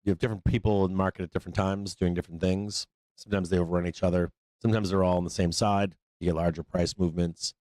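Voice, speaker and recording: A deep-voiced man hosting a live market stream, talking off the cuff with plenty of swearing and "like" and "uh." His voice sits close and dry, with no room sound around it. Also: little pitch movement, fast talker, hardly any pauses, darkish tone, no echo. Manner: loose, profane, rambling with fillers. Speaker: trading show host.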